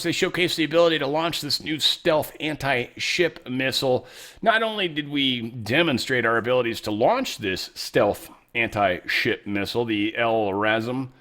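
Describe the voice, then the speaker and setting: A man's voice: mid-range voice, a bit bright. A man hosting casual political commentary, rambling and profane with sarcastic asides. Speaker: show host.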